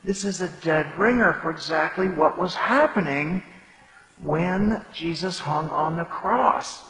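A man with a fairly high, slightly bright voice preaches slowly, explaining scripture conversationally and reading verses aloud. The recording is in an echoey hall with long reverb.

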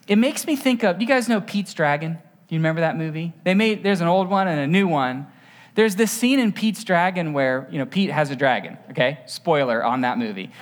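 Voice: medium pitch, animated, brisk. A pastor preaching a conversational sermon, asking the listeners rhetorical questions and telling stories with voiced sound effects.

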